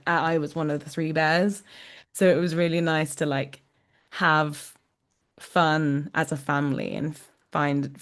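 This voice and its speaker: A young woman musical theatre actor chatting in an interview, talkative and quick to laugh, with lots of fillers. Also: low voice. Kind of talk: casual interview chat.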